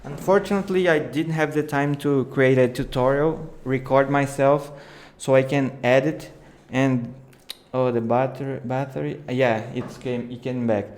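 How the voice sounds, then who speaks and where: A man hosting a live video editing tutorial, thinking aloud in unhurried, with small slips. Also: medium pitch, fairly even intonation, a little mellow. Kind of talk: live screen-share tutorial.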